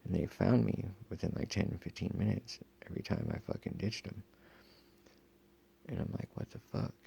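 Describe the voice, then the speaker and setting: A man telling a long personal story in a rambling, profane, casual way, full of fillers, with a gravelly, husky voice. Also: low-pitched, normal speed, mellow. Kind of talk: casual first-person account.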